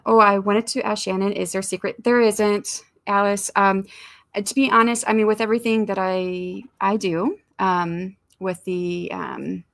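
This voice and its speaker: A woman's voice: medium pitch, gravelly. A woman hosting a writing sprint livestream, chatting casually and rambling as she reads viewer comments aloud.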